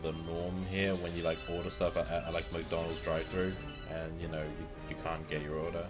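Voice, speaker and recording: A man's voice: sits low, little pitch movement, fairly quick, loud music behind the voice. Young man, stammering banter. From United Kingdom. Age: young adult. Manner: stammering, swears casually, jokey. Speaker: streamer host. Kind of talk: casual chat while gaming.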